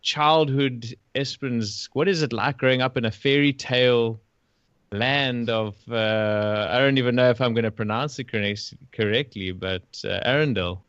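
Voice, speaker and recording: A man hosting a podcast interview, talking in a friendly, halting way with many fillers. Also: mid-range voice, a bit bright, clean tone, no echo, lo-fi sound. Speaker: podcast host. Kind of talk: casual interview. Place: Gold Coast, Australia.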